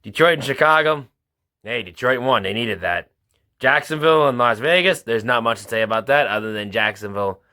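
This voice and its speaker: A man with a bright, sharp-edged voice runs through his weekly football picks. His delivery is informal and halting. He sounds like a regular host of his own show. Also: mid-range voice, lively intonation. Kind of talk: casual football picks commentary.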